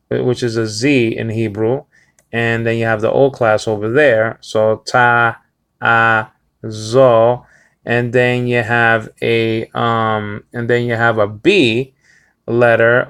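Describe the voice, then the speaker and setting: A man teaching a Hebrew reading lesson on a live stream, slowly sounding out words syllable by syllable with many fillers and restarts. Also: mid-range voice, creaky, smooth. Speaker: Bible teacher.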